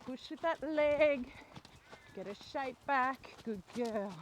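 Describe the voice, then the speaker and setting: A young woman speaks slowly and calmly in a fairly high voice as she rides, coaching and softly praising her horse. Faint hoofbeats and outdoor noise sit behind her voice. She sounds slightly breathy from the effort of riding. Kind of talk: narrated riding lesson while training a horse. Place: outdoor rural riding arena.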